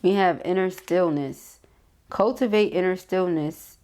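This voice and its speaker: A woman's voice: on the low side, a little slow, noisy background. A woman giving a casual tarot reading, reading card affirmations aloud and chatting with viewers. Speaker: tarot reader.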